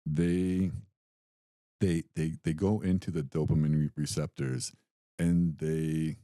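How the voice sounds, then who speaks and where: This podcast co-host, a young adult man, has a rumbling low voice and takes his time. Recorded dry, he tells a story in laid-back chat, animated and voicing the quotes himself.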